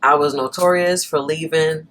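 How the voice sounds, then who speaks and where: A woman's voice: deep voice, normal speed, a little hiss or hum. A woman co-hosting a casual chat, telling a story with lots of laughter and pushing back when she is cut off. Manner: animated, laughing, talks back when interrupted. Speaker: podcast co-host.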